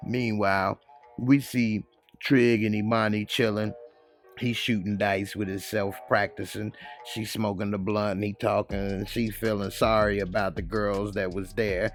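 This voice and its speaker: A man's voice: fairly low pitch, little pitch movement, a little slow, soft background music. A man recapping a TV episode casually, retelling scenes in slang. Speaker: TV show reviewer.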